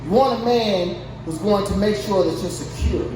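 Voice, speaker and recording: A woman hosting her own show in a heated, profane comedic rant, swinging between muttering and yelling in disbelief. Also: mid-range voice, normal speed. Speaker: show host. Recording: echoey, distant mic, noisy ambience.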